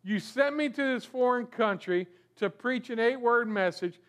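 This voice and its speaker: A man's voice: extremely high pitch, normal speed, a bit bright. A man voicing the prophet Jonah as a self-pitying grown man, whining about his troubles. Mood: aggrieved complaint. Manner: whiny, complaining, self-pitying.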